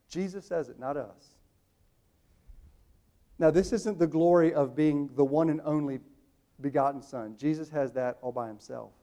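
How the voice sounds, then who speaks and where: Delivering a sermon, this thirty-something pastor slows down and booms when quoting, then speeds up and goes quiet in his side remarks.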